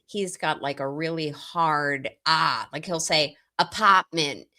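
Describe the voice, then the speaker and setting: Female co-host and legal commentator, slightly low voice, measured and analytical, casual chat. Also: steady tone, pushed and bright. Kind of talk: casual live-stream chat.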